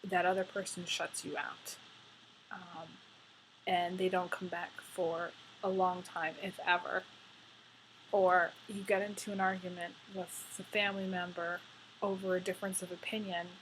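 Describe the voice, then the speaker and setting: A woman's voice: lowish voice, flat delivery, moderate pace, fairly bright tone, slight background noise, rough recording. A woman giving a casual spoken tarot reading, rambling with many fillers and restarts and getting emotional. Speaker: tarot reader.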